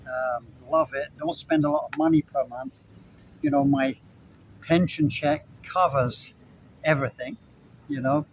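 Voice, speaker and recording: An older man rambles casually to camera, circling back and repeating himself. His voice sits a little higher than most men's, and faint traffic hums in the background. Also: sing-song, a little slow, vocal fry, low-quality recording. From Britain. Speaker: vlogger.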